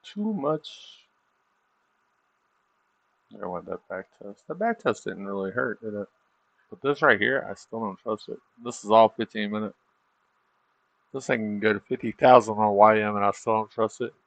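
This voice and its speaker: A man's voice: lowish voice, normal speed, vocal fry, dry recording. A middle-aged man livestreaming his trading, talking casually in a rambling, self-deprecating way. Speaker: livestreaming trader.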